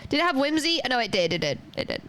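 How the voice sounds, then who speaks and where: A woman's voice: sits high, sing-song, racing, a bit bright, smooth. A young woman streaming a game live, chatting casually and drifting off on tangents. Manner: rambling, chatty, goes off on tangents. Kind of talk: casual chat while gaming live.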